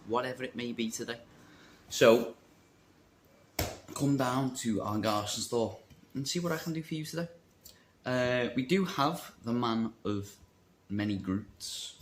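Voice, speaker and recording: A man's voice: mid-range voice, background noise. Rambling jokey man. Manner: rambling, jokey, self-mocking. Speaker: vape shop worker and vlogger. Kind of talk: casual shop vlog chat.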